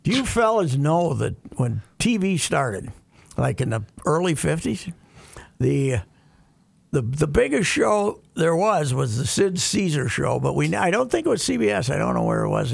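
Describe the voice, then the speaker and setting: An older man reminiscing in casual talk, rambling with halting restarts. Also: a little high, very animated, creaky, no room sound.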